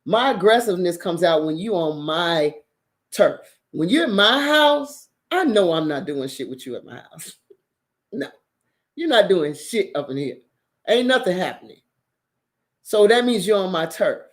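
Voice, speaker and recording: A woman speaks casually to her viewers as the host of her own show. She gives dating advice in a blunt, animated way, swears freely and often breaks into laughter. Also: lowish voice, unhurried.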